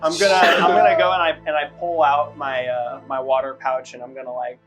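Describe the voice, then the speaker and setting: A man's voice: medium pitch, little pitch movement, fairly quick, a bit bright, faint music behind. A man playing a tabletop game, casual, laughing, with lots of fillers. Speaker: player.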